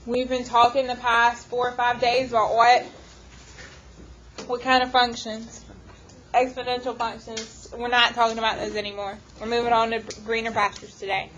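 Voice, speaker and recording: A woman's voice: on the high side, completely flat delivery, a bit bright, muffled recording, a little hiss or hum. Woman teacher quizzing her class. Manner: quizzes the class with quick questions. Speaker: math teacher. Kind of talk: classroom lecture.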